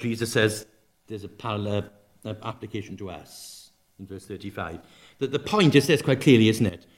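A man preaching a sermon, expressive, swinging from loud emphatic exclamations to soft, drawn-out near-whispers and acting out the characters' lines. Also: on the low side. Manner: acts out the characters' quoted lines in the parable.

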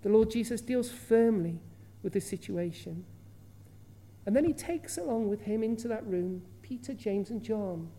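A woman's voice: mid-range voice, moderate pace, dark tone, slightly rough. A woman preaching an earnest Bible sermon, asking rhetorical questions and acting out the quoted voices with feeling. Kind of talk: expository sermon.

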